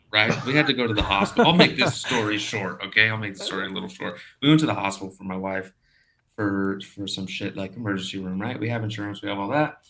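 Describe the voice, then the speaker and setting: A man's voice: on the low side, fast. Swearing storyteller man from Brazil. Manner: animated storyteller, swears a lot, acts out quotes. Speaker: podcast guest. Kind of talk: casual chat.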